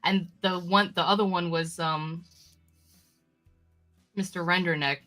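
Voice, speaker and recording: A woman's voice: on the low side, fairly even intonation, a little slow, pushed and bright, faint music behind. A woman co-hosting a casual talk show who laughs often while reading viewer comments aloud. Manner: giggly, reads chat comments aloud. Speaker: co-host. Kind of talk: casual chat.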